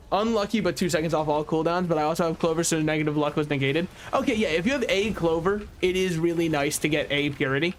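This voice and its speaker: A man streaming a video game, rambling and joking in casual commentary and often laughing at his own remarks. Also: a little high.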